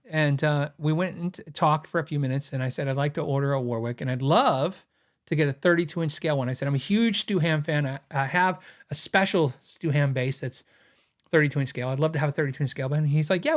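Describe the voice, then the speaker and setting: A man hosting a gear podcast, telling a story in a chatty, animated way and laughing at his own anecdotes. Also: on the high side. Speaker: podcast host. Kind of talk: casual storytelling.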